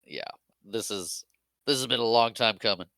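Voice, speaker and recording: A man with a bright, forward voice trades playful movie talk on a podcast. He laughs often and slips into silly character voices as he retells scenes. The recording is dry and close-miked. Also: on the low side, moderate pace, no echo. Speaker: podcast co-host. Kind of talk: casual movie recap chat.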